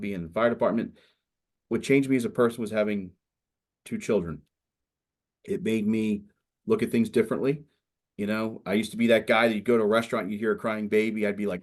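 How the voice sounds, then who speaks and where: Low-voiced middle-aged man, rambling. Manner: rambling, conversational, frequent "you know". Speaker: state senator, guest speaker. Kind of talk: casual talk to students.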